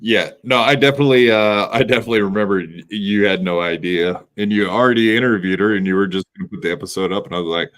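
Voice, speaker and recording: A man's voice: fairly low pitch, fast talker, hardly any pauses, fairly bright tone. A man co-hosting a podcast, casually and agreeably recounting what happened, with loose fillers.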